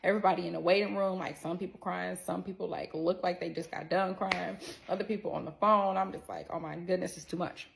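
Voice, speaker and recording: Woman, casual storytelling vlog, gravelly fry, candid, talks straight to viewers, swears freely. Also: on the low side, fairly even intonation, fairly quick, background noise. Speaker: vlogger telling a personal story.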